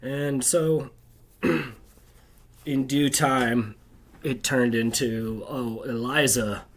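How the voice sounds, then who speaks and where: A man's voice: mid-range voice, drawn-out words. A man telling a rambling, bitter personal story to camera, agitated and constantly tagging his sentences with "right?". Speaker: video creator.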